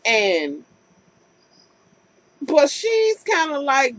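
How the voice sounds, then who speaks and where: A woman's voice: high voice, animated, unhurried, a bit bright, no echo, low-quality recording. A woman vlogger recapping a TV episode in a casual, profane rant, acting out scenes with incredulous commentary.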